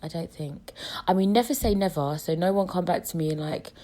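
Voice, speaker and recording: A woman's voice: on the low side, fairly quick, warm tone. A young British woman hosting a solo podcast, talking frankly and chattily with plenty of swearing while she has a cold. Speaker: podcast host. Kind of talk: casual solo podcast chat.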